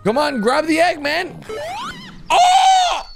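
A young man hosting a gaming channel, giving excitable reaction commentary with lots of exclamations and "bro". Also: sits high, unhurried, loud music behind the voice. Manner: animated, exclaiming, calls viewers bro.

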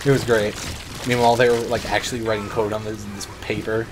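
A young man gives rambling, excitable let's play commentary and swears now and then. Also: fairly low pitch, fast talker. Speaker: gamer. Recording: noisy background ambience.

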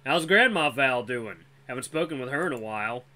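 A storyteller voicing a calm, gruff male black wolf who talks in a dry, steady, faintly menacing way. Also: medium pitch, a little fast. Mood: cool.

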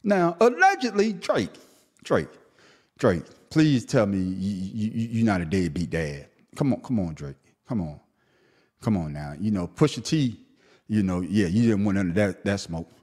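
A man hosting a podcast, giving an animated solo commentary that swings between a low grumble and high-pitched outrage, often stammering. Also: normal speed. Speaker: podcast host.

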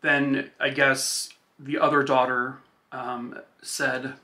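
A man's voice: mid-range voice, little pitch movement, slow pace, pushed and bright. A male true crime podcast host retelling a case in a loose, casual way, using filler words like "like" and "I guess".

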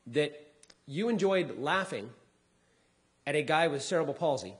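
His voice sits a little high and is expressive, delivered at a moderate pace. The middle-aged comedian is giving a storytelling talk to a society, acting out quoted voices and often repeating words on restarts.

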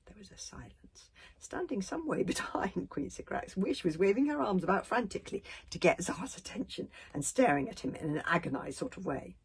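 A woman with a husky voice giving a hushed, breathy whispered storybook reading of a children's novel. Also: medium pitch, very animated, fairly quick. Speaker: reader.

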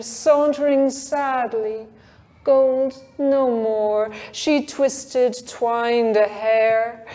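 Brief: Irish woman, dramatic literary reader, very unhurried, brightish pitch. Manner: slow, lively, voices the characters with laughs and gasps.

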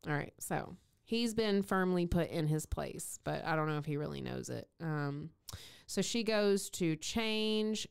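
A woman's voice: sits low, lively intonation, unhurried, gravelly, clean tone. A young woman co-hosting a casual chat podcast, swearing and laughing as she reads romance novel passages aloud and acts out the dialogue. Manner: swearing, laughing, mock-dramatic when reading dialogue. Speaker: podcast co-host.

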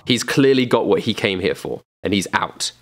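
A man's voice: on the low side, normal speed, a little hiss or hum. A man narrating as game master of a tabletop role-playing game. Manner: animated storytelling.

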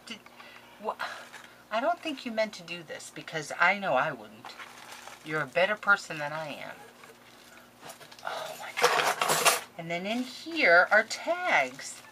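A woman vlogger opening crafting mail on camera, gushing, excitable and talking straight to her viewers and the senders. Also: lowish voice, noisy background. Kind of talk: casual unboxing chat to camera.

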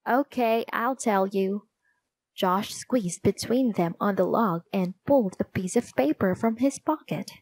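A woman narrating a children's storybook in a gentle, measured reading voice. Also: medium pitch, animated, breathy edge, no room sound.

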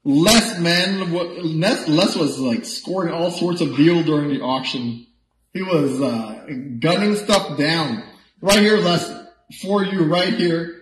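A man's voice: a little high, takes it slowly. Joking man hosting a live auction. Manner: joking, pushy sales patter. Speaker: host of a live goalie mask auction. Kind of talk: live auction stream chat. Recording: echoey room, faint noise.

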